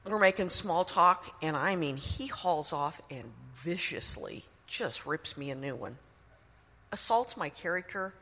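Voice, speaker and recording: Middle aged woman, emotional testimony, fairly low voice, long hall echo. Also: expressive, unhurried, sharp tone. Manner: earnest, emotional storytelling. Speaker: speaker sharing a testimony. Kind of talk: personal testimony.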